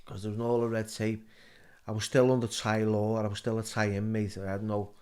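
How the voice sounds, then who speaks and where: A man's voice: fairly low pitch, little pitch movement, brisk, darkish tone, clean tone. A middle-aged man with a Liverpool accent, a guest telling his story in a casual interview, stumbling and repeating words as he goes.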